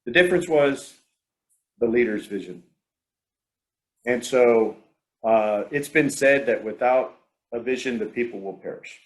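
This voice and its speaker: A man presenting on leadership at an online meeting, voice of middling pitch. He talks in a hesitant, halting way, with frequent fillers and restarts as he tells a story.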